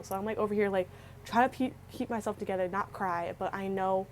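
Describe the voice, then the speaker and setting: In a steady, medium-pitched voice at a fairly quick pace, a young woman tells an emotional personal story for her vlog, tearful and close to crying, with many restarts and fillers. The recording is low quality with slight background noise.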